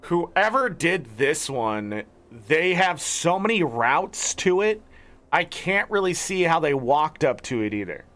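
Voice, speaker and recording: A man's voice: on the high side, big pitch swings, slow pace, fairly bright tone. A young man streaming a video game, swearing and ranting in an exasperated way while he plays. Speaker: gaming streamer. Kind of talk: casual gameplay commentary.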